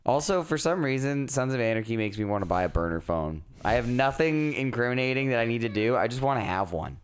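Easygoing young man, mid-pitched voice. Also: lively intonation, fast, slight background noise. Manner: easygoing, swears, reacts with short exclamations. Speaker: podcast co-host. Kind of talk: casual chat.

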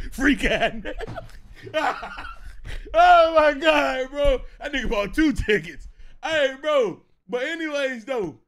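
Loud laughing outbursts alternate with low mutters as a lively, high-voiced man reacts to clips during a casual stream chat.

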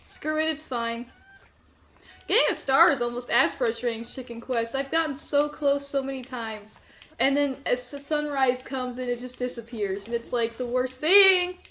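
A woman with a high, slightly bright voice hosts her own game playthrough at a moderate pace. Her let's-play commentary is casual with a nervous edge. Between laughs, she talks to her character.

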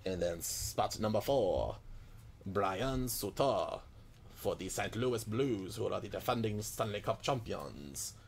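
A man's voice: fairly low pitch, expressive, slow, creaky, a little hiss or hum, full character voice. A man putting on a jolly, comic-accented hockey player. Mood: jokey. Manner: chuckling "ho, ho", speaking in first person as the players. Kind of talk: mock-accent card commentary.

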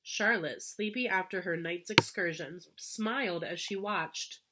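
A woman's voice: lowish voice, unhurried, bright, forceful tone. Woman teacher reading a storybook aloud. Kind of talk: storybook read-aloud for children.

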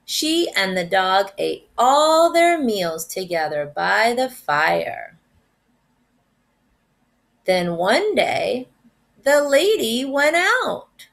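A first grade teacher, a woman, reading a picture book aloud in an animated, expressive way. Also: fairly high pitch, very slow, vocal fry.

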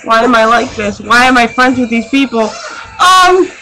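Exasperated young woman, higher voice. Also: animated, unhurried, bright, forceful tone, rough recording. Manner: exasperated, laughing, scolding friends. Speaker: vlogger. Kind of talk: casual chat to camera. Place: room with friends around. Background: music playing.

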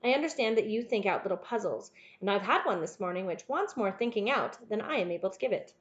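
A woman voicing a young, sturdy gentleman baronet who speaks bluntly and impatiently. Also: mid-range voice, animated, fast, highs cut off, lightly acted.

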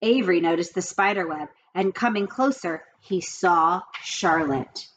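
A woman reading a children's book aloud in an expressive storytelling manner. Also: lowish voice, unhurried, few pauses, slight background noise. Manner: lively, expressive reading with character voices.

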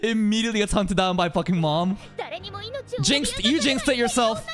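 A man reacting to an anime episode in casual, excitable commentary, thinking out loud and swearing often. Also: high voice, measured pace, over music.

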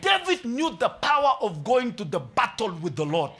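A man preaching a sermon, mixing in Swahili and humor, swinging from hushed lines to shouts. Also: extremely high pitch, wildly swooping pitch, normal speed, faint music behind. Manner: mixes English and Swahili with humor. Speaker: pastor.

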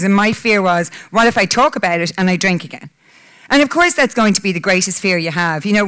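A woman in her 30s from Ireland speaks to a live audience at a conference hall in a mid-range, fairly bright voice. Emotional and candid, she gives a personal talk with a tearful edge and occasional bursts of laughter.

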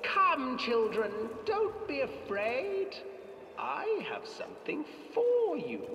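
A man's voice: huge pitch swings, takes it slowly, fairly bright tone, slight background noise, full character voice. A man voicing a sing-song old female witch who coaxes and threatens children. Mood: coaxing. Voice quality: shrill, sing-song and wheedling. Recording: echoey hall, voice from far off. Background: eerie music.

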